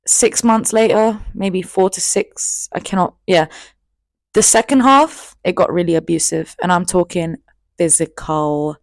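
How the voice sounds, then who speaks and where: A woman's voice: lowish voice, unhurried, vocal fry, dry recording. A woman in her twenties telling a personal story in a chatty, candid, self-mocking vlog. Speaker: vlogger.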